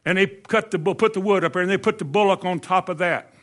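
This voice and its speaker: A man's voice: high-pitched, fast talker, fairly bright tone. A man preaching a sermon, telling a Bible story animatedly and acting out the quoted lines in a raised voice.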